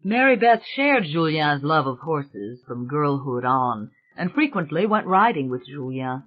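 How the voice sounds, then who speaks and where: A man's voice: on the high side, big pitch swings. Man narrating an audiobook, tinny sound. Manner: measured, formal reading. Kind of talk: scripted narration.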